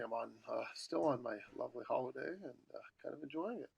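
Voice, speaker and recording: A man's voice: mid-range voice, expressive, fast, creaky, husky, rough recording. A middle-aged man hosting a podcast in casual chat, rambling and chatty as he jumps from one topic to the next. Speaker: podcast host.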